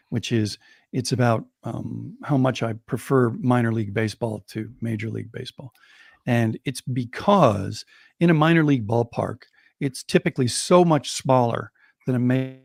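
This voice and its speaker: American guy spinning a yarn on a podcast, lively and chuckly, kinda raspy. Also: medium pitch, no echo, studio quality. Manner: lively, chuckling, builds excitement as he tells it. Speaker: storyteller. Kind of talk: telling a personal anecdote on a podcast.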